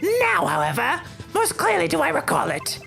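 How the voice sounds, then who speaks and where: A woman playing a pompous elderly male mayor, speaking in an archaic, drawn-out, theatrical way. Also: very high-pitched, huge pitch swings, creaky, a bit bright, faint music behind, pitched above the performer's own voice, exaggerated voice. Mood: grandiose. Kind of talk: playing a game character aloud.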